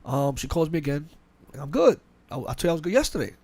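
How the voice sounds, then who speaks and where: Fast-talking man telling a story. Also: fairly high pitch, breathy edge, no room sound. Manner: fast, animated storytelling with frequent restarts and quoted dialogue. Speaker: podcast host. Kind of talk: casual podcast chat, storytelling. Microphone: podcast mic.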